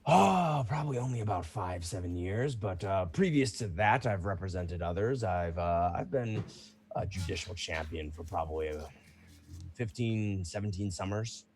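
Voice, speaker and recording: A man voicing a scarred, boastful male arena champion in a tabletop game, speaking in a gruff, swaggering way. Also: low voice, lively intonation, moderate pace, darkish tone.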